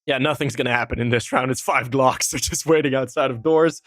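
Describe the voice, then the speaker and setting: A man's voice: medium pitch, steady tone, brisk, a bit bright, no echo, clean studio sound. A man casting a competitive shooter match alone, rambling casually between plays with fillers and small laughs. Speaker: esports caster. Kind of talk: solo live game commentary.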